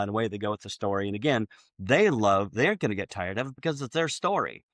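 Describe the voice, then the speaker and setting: A man hosting a podcast, chatting casually and acting out both sides of sales conversations, with many halting restarts. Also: lowish voice, lively intonation, fairly bright tone, no room sound, clean studio sound. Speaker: podcast host.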